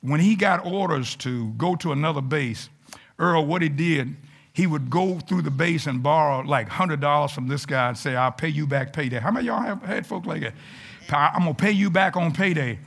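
A man, a pastor, preaching a folksy, animated sermon to his congregation in church, sometimes rising to shouts. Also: on the high side, normal speed, vocal fry. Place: church sanctuary.

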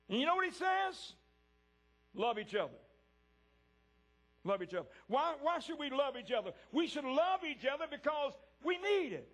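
In a church, a man preaches a sermon, swinging from loud peaks down to hushed lows. He speaks straight to the people in the pews.

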